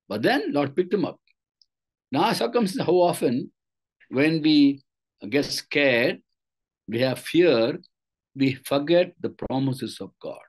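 A man preaching a sermon, retelling a scripture story with repeated phrases and rhetorical questions. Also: on the high side. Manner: animated storytelling preaching, voice rising and falling.

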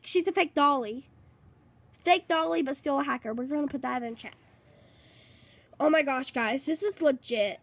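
A woman giving casual gameplay commentary, excitable and rambling, repeating herself a lot. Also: high voice, normal speed, pauses often, no echo. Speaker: gaming channel host.

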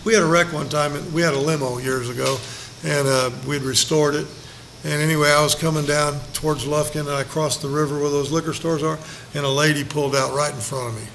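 An older man from Los Angeles teaching a Bible study. He has a slightly high-pitched voice and tells homespun stories with jokes. A faint hiss of room noise sits under his voice. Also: steady tone, a little fast, vocal fry, a bit bright. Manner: storytelling, joking, acts out quotes. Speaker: preacher leading a Bible study.

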